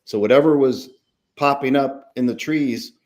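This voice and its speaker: A man, a documentary filmmaker, telling a story casually as a guest, animated and quoting others, with frequent restarts. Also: mid-range voice, normal speed.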